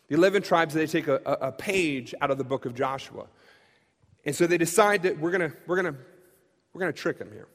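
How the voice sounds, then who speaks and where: A man preaching, casually retelling a story in a lively, conversational way. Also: high voice. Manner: lively, conversational, acts out quotes. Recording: long hall reverb.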